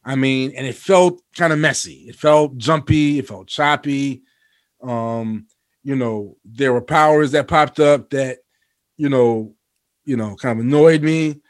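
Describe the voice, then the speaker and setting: A man co-hosting a casual podcast chat, rambling with many fillers and restarts, and getting animated and profane when worked up. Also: medium pitch, measured pace. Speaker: podcast co-host.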